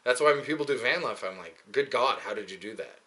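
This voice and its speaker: A man's voice: medium pitch, animated, fast, pushed and bright. A young man talking in a rambling, profane, joking way, often slipping into mocking quoted voices. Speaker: podcast host. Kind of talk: casual rambling monologue.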